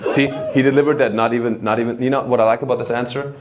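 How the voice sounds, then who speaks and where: A man's voice: medium pitch, fairly even intonation, very fast, noisy background. A man doing brash, swearing stand-up crowd work on a club stage, speaking into a handheld mic. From Germany. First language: German. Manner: brash, swearing, mock-shouting in German. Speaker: stand-up comedian. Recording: loud crowd laughter around the voice.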